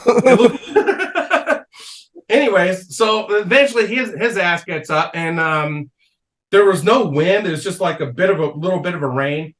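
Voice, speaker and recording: A man with a fairly high voice tells a wild story on a casual comedy podcast. He is loose and profane and laughs through his own tale. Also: normal speed. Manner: animated storyteller, swears a lot, laughs mid-story. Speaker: podcast guest.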